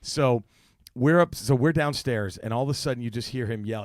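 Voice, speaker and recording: Guy in his 30s telling a wild story, swears a lot, laughs through it, mid-pitch, dead dry mic. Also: moderate pace, no room sound. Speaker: guest comedian. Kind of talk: storytelling on a comedy podcast.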